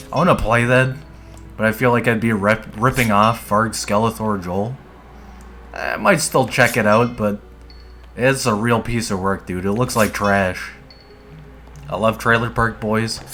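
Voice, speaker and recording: Low-voiced man rambling through gameplay. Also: steady tone, measured pace, a bit bright, soft background music. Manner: rambling, laid-back, swears often. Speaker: streamer playing a dungeon game. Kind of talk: casual gameplay commentary.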